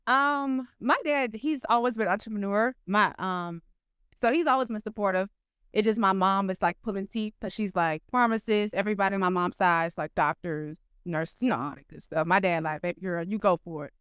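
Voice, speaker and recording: A young woman from the United States, a brand founder, telling an emotional, animated personal story to a live audience. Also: medium pitch, normal speed, clean tone, no echo, clean studio sound. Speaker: panel guest, clothing brand founder.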